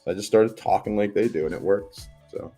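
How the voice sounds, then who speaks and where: A middle-aged American man with a low, deep voice chats loosely to his stream audience. He wanders from story to story and swears freely, while faint music plays under him. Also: a little fast, dark tone. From United States. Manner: rambling, profane, chatty storytelling. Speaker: livestream host. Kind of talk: casual chat to a live audience.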